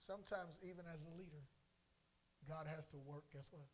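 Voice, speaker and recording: A man preaching a sermon as pastor in a church, swinging from soft lines to loud, drawn-out calls. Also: a little high, fairly even intonation. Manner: preaching with sudden loud swells and drawn-out words. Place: church sanctuary.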